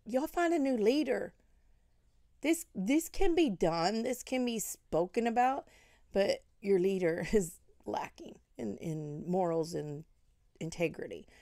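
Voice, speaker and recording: In a commentary vlog, a woman scolds another online creator, indignant and firing off rhetorical questions. Her medium-pitched voice is gravelly yet mellow, animated but slow, captured in a dry, studio-quality recording.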